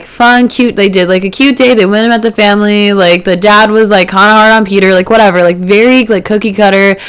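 A woman in her early twenties hosting her own podcast, chatting casually with lots of fillers and getting animated as she retells drama. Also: mid-range voice, clear, resonant tone. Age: early 20s. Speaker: podcast host. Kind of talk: casual solo podcast chat.

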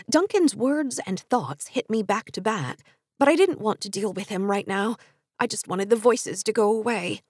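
A young adult woman telling a first-person story with expressive storytelling narration. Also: medium pitch, moderate pace, dry recording, studio quality.

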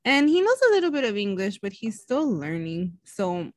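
A woman co-hosting a podcast tells a story in a chatty, casual way, laughing often. Her medium-pitched voice is very animated at a moderate pace, with no room sound, and her first language is Spanish.

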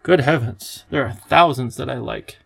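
A man's voice: medium pitch, normal speed, creaky, slightly rough, no echo. A man voicing a kindly, eccentric elderly professor who speaks in a cheerful, lecturing way.

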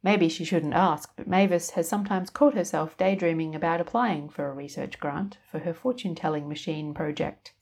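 Woman, storyteller, scripted narration, low-ish pitch, even wry delivery. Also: moderate pace, creaky, few pauses, slightly rough.

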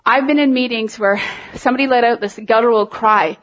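A woman giving an informal, conversational sermon, talking with animated emphasis and lots of fillers. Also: on the high side, brisk, highs cut off. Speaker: preacher.

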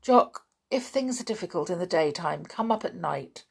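Woman narrator as level-headed older boy, steady and reassuring, a creaky edge. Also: fairly low pitch, normal speed, full character voice. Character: sensible older schoolboy leader.

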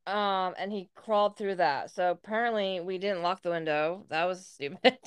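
A woman's voice: lowish voice, fairly even intonation, moderate pace, clean tone, dry recording. A young woman co-hosting a podcast, telling embarrassing stories in a casual, laughing, expletive-heavy way. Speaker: podcast co-host. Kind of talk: casual storytelling chat.

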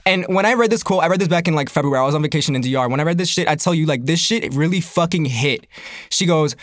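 A young man ranting in a casual comedic way, profane and animated, laughing often, his voice jumping up when he gets worked up. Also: on the high side, fast, dry recording, clean studio sound.

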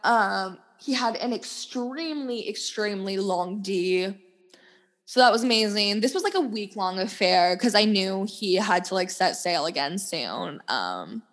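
A woman in her twenties talks straight into a podcast mic in a loose, candid solo chat. Her speech is peppered with "like" and quick laughs, and her voice sits at an average pitch for a woman. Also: a bit bright. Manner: candid, chatty, full of "like" fillers and laughs. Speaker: podcast host.

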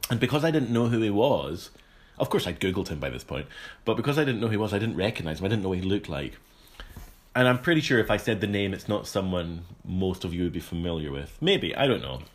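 A man's voice: sits low, very animated, fast. A Scottish man co-hosting a podcast, telling stories in a chatty, rambling way and laughing often. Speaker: podcast co-host. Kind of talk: casual chat, storytelling.

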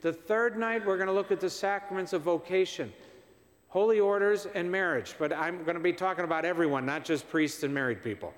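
Male priest, high voice, conversational homily, tired, reverberant church. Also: brisk. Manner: conversational, repeats himself for emphasis, asks the congregation questions. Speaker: visiting priest. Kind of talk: parish mission homily.

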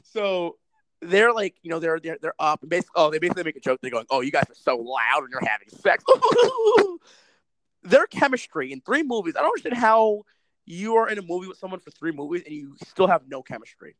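A man recapping a movie in casual chat, animated and sarcastic, with lots of swearing. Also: high voice, brisk, no room sound, poor audio. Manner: animated, profane storytelling with sarcastic asides. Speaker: movie reviewer.

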